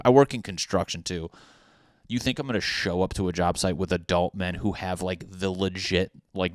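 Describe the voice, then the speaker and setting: A young man with a very low voice rants his way through a solo podcast, swearing freely and poking fun at himself as he rambles, stopping now and then for a wet cough. The sound is close and dry, with no room around it. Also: dry recording. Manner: crude, profane, self-mocking, rambling. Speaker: podcast host. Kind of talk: solo comedic podcast rant.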